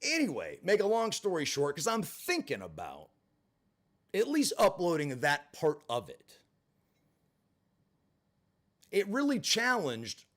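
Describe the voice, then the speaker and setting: Animated man telling a story, profanity included. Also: a little high. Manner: animated, profane, acts out quoted voices. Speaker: livestream host. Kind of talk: casual storytelling on a livestream.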